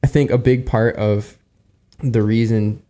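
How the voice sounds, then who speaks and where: A man's voice: fairly low pitch, steady tone, measured pace, mellow. A man in his twenties sharing earnestly in a casual church panel discussion, rambling and often checking in with his listeners. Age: 20s. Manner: earnest, rambling, tags lines with "right?". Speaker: church worship musician on panel.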